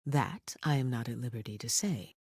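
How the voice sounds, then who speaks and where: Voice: medium pitch, normal speed, a little mellow, breathy edge, no room sound, studio quality, pitched below the performer's own voice. A narrator voicing a poised woman investigator. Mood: businesslike.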